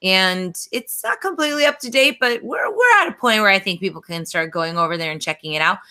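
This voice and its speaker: A woman's voice: medium pitch, animated, a little fast, pushed and bright. A woman hosting a casual chat show, upbeat and chatty, with lots of fillers. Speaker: podcast host.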